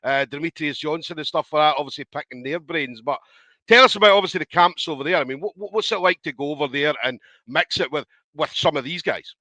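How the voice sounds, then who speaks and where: Scottish male host, fairly high and bright, dry close sound. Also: fast talker, dry recording. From Scotland. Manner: rambling questions, repeats obviously. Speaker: interviewer. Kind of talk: casual interview.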